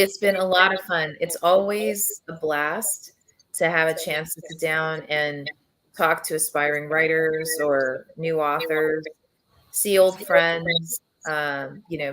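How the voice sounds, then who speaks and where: Low-voiced, travel-worn woman host. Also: low-quality recording. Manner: chatty, relaxed, many fillers and laughs. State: low husky voice from travel fatigue. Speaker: founder and executive editor of a press, host. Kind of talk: casual live-stream chat.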